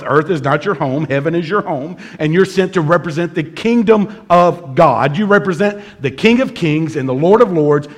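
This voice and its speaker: A middle-aged man preaching a sermon, telling a comic story with animated shouts and laughs before moving into his teaching. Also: on the high side. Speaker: pastor.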